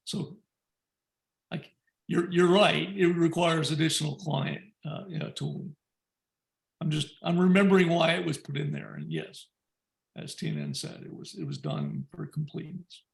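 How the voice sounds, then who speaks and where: A man talking casually in a technical meeting over a video call, halting and often restarting his sentences. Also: fairly high pitch, expressive, vocal fry. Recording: roomy echoing call audio.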